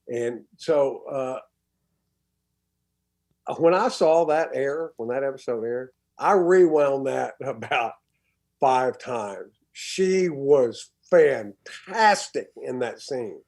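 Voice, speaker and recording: A man's voice: mid-range voice, expressive, takes it slowly, a little mellow. Man telling set stories. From Texas. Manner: storytelling, stumbling restarts, drops to a murmur. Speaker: actor guest. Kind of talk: casual interview chat.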